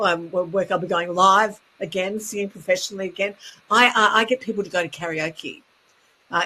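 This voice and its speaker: Australian woman speaking coach, chatty and animated, crisp bright tone, slight hiss on the line. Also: medium pitch, poor audio. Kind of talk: casual interview chat.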